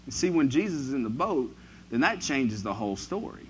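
A man preaching a sermon who moves from quiet, reflective passages to loud, emphatic ones. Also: mid-range voice, very animated, fairly quick, a little hiss or hum, rough recording.

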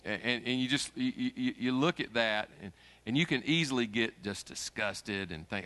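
A middle-aged man delivers a sermon to his congregation. His voice is bright and forceful, and he mixes folksy jokes into the preaching before climbing to emphatic peaks. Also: fairly low pitch, moderate pace. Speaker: pastor.

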